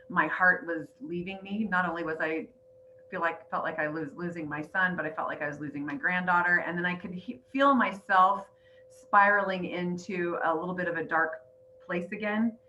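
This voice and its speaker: Middle-aged grandma getting teary telling her story on a call, bright lowish voice, kinda muffled audio. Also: a little hiss or hum. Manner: earnest, emotional. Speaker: weight-loss coach sharing her story. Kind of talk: personal testimony on a group call. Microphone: online call.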